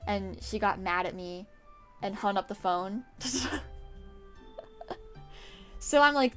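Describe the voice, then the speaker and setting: A woman's voice: mid-range voice, expressive, slow pace, long pauses, fairly bright tone, soft background music. A young woman streamer rambling through a work story while she draws, swearing freely and answering chat as she goes.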